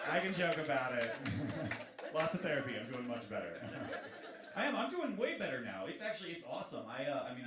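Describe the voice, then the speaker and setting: A man doing a stand-up set in a comedy club, his voice lively and swinging up and down in pitch. The room is echoey, and loud crowd noise fills the space around him. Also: far from the mic. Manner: deadpan delivery that jumps to loud laughing bursts. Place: comedy club stage with a laughing audience.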